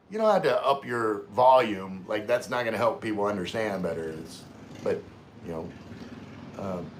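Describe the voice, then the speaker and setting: A man's voice: fairly low pitch, animated, normal speed. A man hosting a casual livestream, reading viewer comments aloud and chatting in a rambling way, often losing his train of thought.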